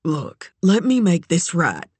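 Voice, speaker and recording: A woman voicing an easygoing middle-aged man just out of prison, talking calmly and coaxingly in a storybook reading. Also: fairly low pitch, slow, breathy edge, no room sound, full character voice.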